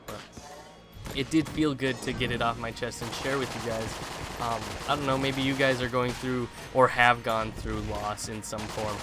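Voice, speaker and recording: Chatty male let's-play host, mid-pitched, rambling commentary over game music. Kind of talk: live gameplay commentary. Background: game music and gunfire.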